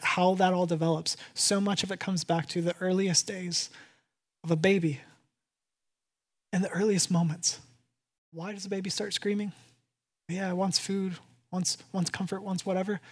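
Preaching a sermon to his church congregation, a pastor speaks at a medium pitch, animated and emphatic. He repeats key phrases and swings between loud passages and hushed ones.

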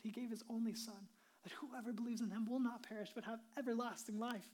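Earnest woman preacher, high voice. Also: brisk. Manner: earnest, swings between emphatic and hushed, drops to whispers. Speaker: pastor. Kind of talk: sermon.

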